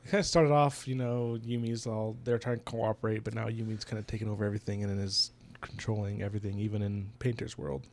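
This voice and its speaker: A man's voice: fairly low pitch, flat delivery, fast talker, hardly any pauses. A man co-hosting a book podcast, retelling the plot at length in casual chat. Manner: retells the plot at length, acting out characters' lines.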